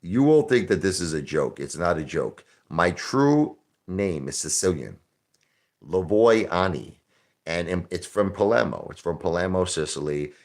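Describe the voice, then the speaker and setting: A man's voice: low-pitched, expressive, unhurried, a little mellow. A man hosting a live stream, ranting in a brash, combative way and repeating himself for emphasis. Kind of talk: casual live-stream rant.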